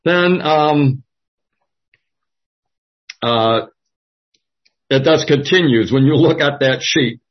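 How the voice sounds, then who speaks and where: A man leading a Bible study discussion, speaking slowly and haltingly with many fillers. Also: fairly high pitch. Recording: dull lo-fi audio.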